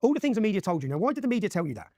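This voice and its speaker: A man's voice: high voice, big pitch swings, very fast, a little mellow, dry recording. A man from Luton, telling his own story as an interview guest, emphatic and often checking in with "yeah?". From Luton, England. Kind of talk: animated personal storytelling.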